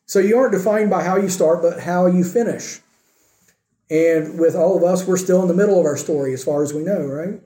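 Pastor guy preaching in a church, real mellow dark voice, bit high, echoey room. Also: fairly quick. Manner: earnest preaching, rising emphatic then dropping quiet. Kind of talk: sermon.

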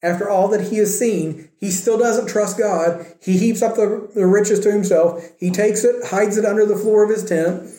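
A man's voice: sits high, steady tone, normal speed, hardly any pauses, warm tone, reverberant. A man preaching a sermon as pastor, acting out the words of quoted speakers in his own voice.

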